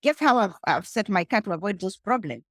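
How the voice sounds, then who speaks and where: Woman, Kenyan accent, emphatic guest, very expressive pitch, dry close sound. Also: a little fast, no echo. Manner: animated and emphatic, addressing the listener directly. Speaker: guest, rideshare entrepreneur. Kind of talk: casual interview conversation.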